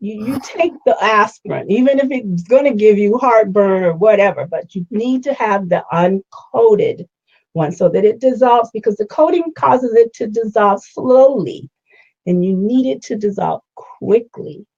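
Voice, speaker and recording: A woman hosting a relaxed talk show, chatting in a friendly, advising way. Her voice sits at a middle pitch, and her audio sounds a little muffled and lo-fi. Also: measured pace. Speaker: show host. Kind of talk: casual health chat.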